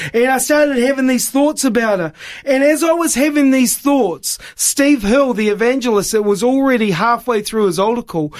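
Upbeat New man, high voice, animated self-mocking raconteur. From New Zealand. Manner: lively, self-mocking storyteller. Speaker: evangelist guest. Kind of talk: animated storytelling.

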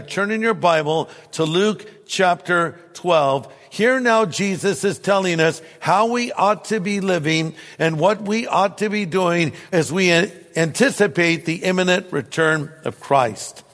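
A man's voice: high-pitched, fairly bright tone, in a large hall. A man preaching a sermon as pastor, in a conversational storytelling manner with touches of humor.

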